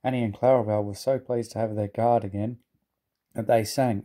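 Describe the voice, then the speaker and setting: Guy reading a kids' storybook aloud, steady and plain, very dark mellow voice. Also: mid-range voice, moderate pace. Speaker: narrator.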